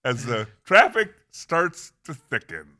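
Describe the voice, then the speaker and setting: Bright-toned male co-host, easygoing. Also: mid-range voice, big pitch swings, slow pace. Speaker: sports radio co-host. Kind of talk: casual sports talk.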